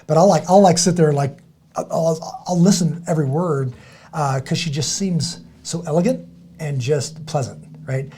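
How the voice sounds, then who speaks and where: A middle-aged man hosting a podcast in casual chat, rambling and halting, with many restarts and fillers. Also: a little high, mellow, a little hiss or hum. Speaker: podcast host.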